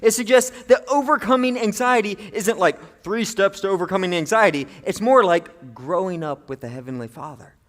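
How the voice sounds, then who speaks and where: A middle-aged male pastor giving a sermon in an animated, conversational way, with playful asides. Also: sits high, moderate pace, few pauses.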